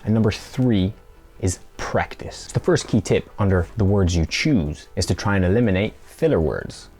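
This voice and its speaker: A man with a very deep, low voice talks through a tutorial, keeping it playful with small acted-out exchanges. Soft music plays under him. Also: lively intonation, moderate pace, breathy edge. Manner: playful, acts out mock dialogue. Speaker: presenter. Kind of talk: scripted tutorial talk.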